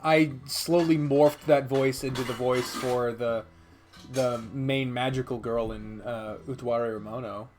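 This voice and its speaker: A man's voice: medium pitch, fairly even intonation, a little slow, a little mellow, soft background music. A man hosting a let's play, chatting casually, often laughing, swearing and restarting his sentences. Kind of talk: casual chat.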